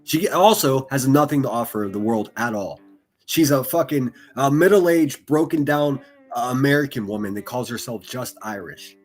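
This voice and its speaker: A man streaming profane, mocking reaction commentary with a husky voice. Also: medium pitch, moderate pace, faint music behind. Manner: mocking, ranting, heavy swearing.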